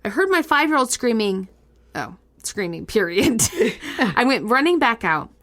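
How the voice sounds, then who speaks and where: A woman co-hosting a casual podcast, reading listener ghost stories aloud with lively reactions and frequent laughs. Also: on the high side, a little slow. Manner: animated, laughs often, reacts with disgust. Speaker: podcast co-host.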